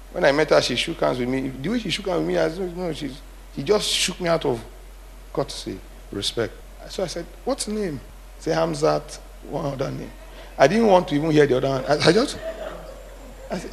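A man's voice: on the high side, vocal fry. A middle-aged man preaching a sermon, asking the congregation questions and building to emphatic repeated phrases. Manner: call-and-response preaching, rising to emphatic repetition. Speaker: pastor.

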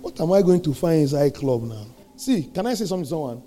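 A man preaching a sermon, animated, throwing rhetorical questions at the congregation and swinging between loud and soft. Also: a little high, fast, a little hiss or hum.

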